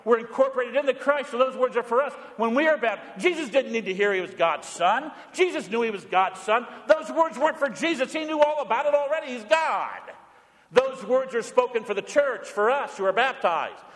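A middle-aged pastor with a high voice preaches with emphasis, slowing down to lead the congregation in repeated lines. His voice carries a long reverb from the church sanctuary. The delivery is a full sermon. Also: animated, a bit bright.

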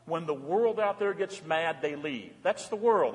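A male pastor delivers a sermon in a fairly high voice. He pushes out loud, emphatic phrases, then drops into hushed, soft passages. His words trail off into the long reverb of a large sanctuary. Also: expressive, a little slow.

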